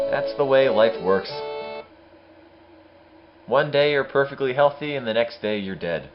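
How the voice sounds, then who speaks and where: Male streamer, joking and sarcastic, very animated pitch; muffled, game guitar music behind. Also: measured pace, long pauses. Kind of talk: casual game commentary.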